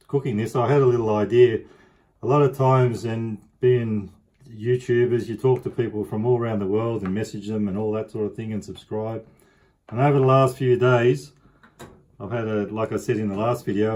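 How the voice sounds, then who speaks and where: A middle-aged Australian cooking vlogger chats easily through a demonstration in his home kitchen, rambling and relaxed. His voice is fairly low, mellow, and steady at a moderate pace, though the recording is rough.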